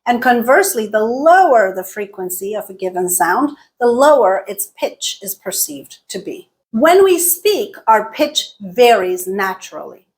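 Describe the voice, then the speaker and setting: A woman teaching English pronunciation in an online lesson, explaining clearly and steadily and checking in with "right?". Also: mid-range voice, very animated, measured pace, few pauses.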